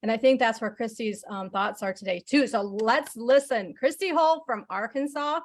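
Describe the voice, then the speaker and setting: A woman with a high voice introduces the next speaker on a group call, full of excitement and praise. She talks warmly to the listeners and calls them y'all. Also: normal speed. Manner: excited, gushing, says y'all. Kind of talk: enthusiastic introduction.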